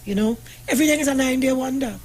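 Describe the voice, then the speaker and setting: A woman's voice: sits high, very fast, darkish tone, husky, poor audio. A woman hosting a radio talk show, upbeat and teasing her co-host, with churchy sayings.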